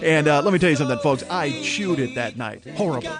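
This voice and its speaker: A man's voice: a little high, animated, fast, over music. A man hosting a podcast, delivering a scripted comic road story in a wry way. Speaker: podcast host and comedian.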